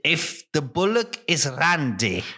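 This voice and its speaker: A bawdy Irish farmer, as a man puts him on in a comic improv, holding forth with slow, emphatic nonsense. The voice sits a little higher than an everyday man's and comes across bright and forward. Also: sing-song, breathy edge, full character voice. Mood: mock-earnest. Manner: drawn-out, emphatic pronouncements. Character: bawdy rural farmer, confidently spouting nonsense. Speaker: improv character.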